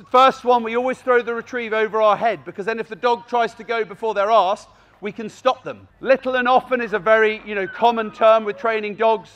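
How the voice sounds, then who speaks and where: High-voiced man giving a lively dog-training demonstration. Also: dull audio. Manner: expressive and animated, acts out calls to the dogs. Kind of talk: live demonstration commentary to an audience. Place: outdoor country fair arena.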